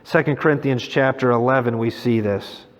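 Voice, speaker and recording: A man's voice: medium pitch, moderate pace. A middle-aged man preaching a sermon in a conversational way, mixing scripture with personal stories. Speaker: pastor. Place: church sanctuary. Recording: dull sound with long church reverb.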